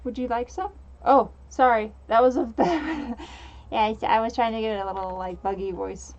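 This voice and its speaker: A woman's voice: a little high, normal speed, darkish tone. A woman giving casual, giggly commentary while playing a game, heard through a dull lo-fi mic. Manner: giggly, chatty. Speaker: let's play host.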